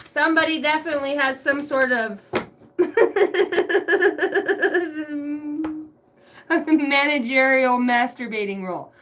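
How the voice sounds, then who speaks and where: Taking it slowly with long pauses, a woman with a high-pitched, fairly bright voice does a casual tarot reading. Giggly and crude, she swears freely and keeps dissolving into laughter, and there's a little hiss or hum.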